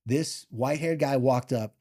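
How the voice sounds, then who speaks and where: A man and former football player telling a personal story in an animated, heartfelt way. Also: medium pitch. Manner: animated, heartfelt, fast bursts. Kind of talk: emotional storytelling.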